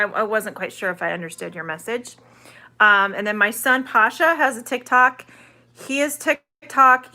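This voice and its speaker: A woman's voice: mid-range voice, pushed and bright. A woman, an online English teacher, chatting through a live-stream Q&A, reading viewer comments aloud and carefully sounding out vowels.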